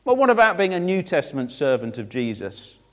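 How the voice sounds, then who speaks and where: A preacher walks his listeners through scripture, chatty and animated, his voice swinging widely up and down. He tosses in casual asides between the verses. The sound rings with the long reverb of a large church hall. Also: fairly high pitch, brisk, a little hiss or hum. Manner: animated, acts out the verses in a lifted voice, conversational asides. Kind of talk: sermon reading through a Bible passage.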